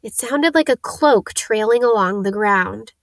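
Female storybook narrator, raised pitch, dry studio read. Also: measured pace, no echo. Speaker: audiobook narrator.

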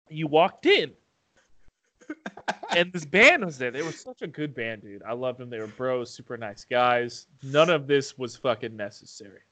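A man in casual storytelling chat, animated, laughing often and acting out quotes with plenty of swearing. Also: mid-range voice, unhurried, long pauses.

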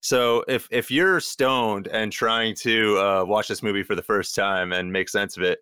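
Bright, low-voiced man in casual podcast chat. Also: steady tone, measured pace, clear, resonant tone, dry recording, clean studio sound. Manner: rambling, frequent fillers. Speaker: podcast co-host.

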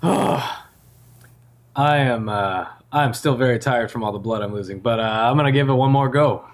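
Deadpan man playing a tabletop game. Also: mid-range voice, normal speed. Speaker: player. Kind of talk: casual game-table chat.

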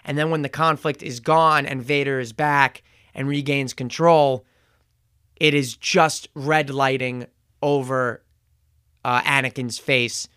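A man giving a casual spoken review, retelling scenes in a chatty way with fillers and quick self-corrections. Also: medium pitch, fairly even intonation, fairly bright tone, clear, resonant tone, dry recording, clean studio sound. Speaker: show reviewer.

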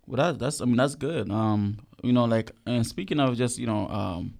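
A man's voice: mid-range voice, moderate pace, vocal fry, a little mellow. A young man hosting a podcast, asking rambling, filler-heavy questions in a friendly way. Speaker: podcast host. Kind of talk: casual interview.

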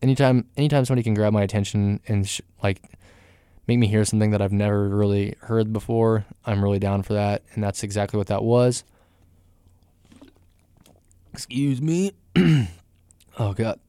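Low, warm-voiced man podcasting. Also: little pitch movement, quick pace, smooth, no room sound. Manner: rambling, filler-heavy, candid opinions. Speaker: podcast host. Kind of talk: casual solo music news podcast.

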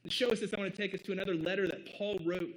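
A man's voice: sits high, steady tone, rapid-fire, low-quality recording. A man from the American Midwest preaching a sermon, conversational and earnest, leaning on emphatic rhetorical questions. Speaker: pastor.

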